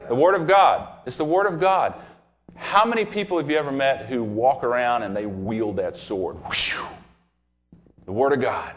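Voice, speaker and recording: A man preaching a sermon to his congregation, teaching verse by verse and acting out the voices in his anecdotes. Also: medium pitch. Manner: addresses congregation directly with questions.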